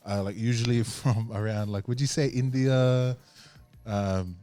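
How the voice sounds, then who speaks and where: In a podcast studio with soft background music, a male podcast host tells a story in casual chat, rambling with many fillers and frequent laughs. His mid-range voice is steady, mellow, and unhurried.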